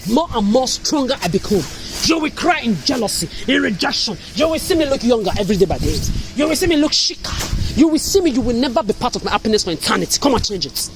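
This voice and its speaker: A woman's voice: a little high, big pitch swings, quick pace, poor audio. A woman from Africa delivering an angry, cursing vlog monologue, repeating herself and hurling accusations. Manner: furious, repetitive, cursing, accusatory. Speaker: vlogger.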